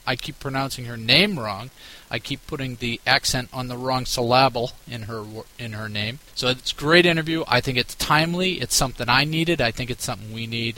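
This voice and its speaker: Podcast host guy, bright voice, chatty and teasing, rambles a bit. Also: medium pitch, rough recording. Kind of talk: casual podcast chat.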